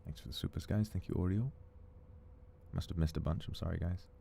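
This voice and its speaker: A man casually commentating a horror game on a livestream, joking around and slipping into silly voices and yells. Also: sits low, fast, creaky, slight background noise. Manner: playful, jokey, shifts into silly voices and yells. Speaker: streamer.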